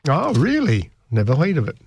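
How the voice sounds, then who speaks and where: A man's voice: medium pitch, huge pitch swings, brisk, breathy edge, dry recording. A man, hosting a casual radio chat, telling stories and laughing often. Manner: chatty storyteller, laughs often.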